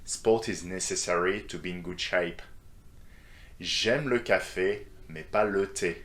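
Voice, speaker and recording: A man's voice: low voice, unhurried, fairly bright tone. A man teaching French grammar, reading example sentences and then translating them into English. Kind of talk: scripted grammar lesson.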